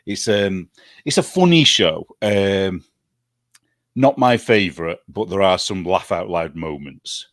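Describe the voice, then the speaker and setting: A chatty British man talking as a show guest, easygoing and quick to laugh. His voice is deep and low, recorded close and dry with no room sound. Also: animated, no room sound. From United Kingdom. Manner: chatty, laughs often, mimics accents. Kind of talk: casual chat.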